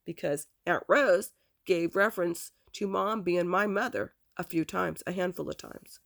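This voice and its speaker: A woman's voice: fairly low pitch, moderate pace, creaky. A middle-aged woman telling her own family story casually, rambling and repeating "I said" as she recounts the dialogue. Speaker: adopted daughter telling her family history.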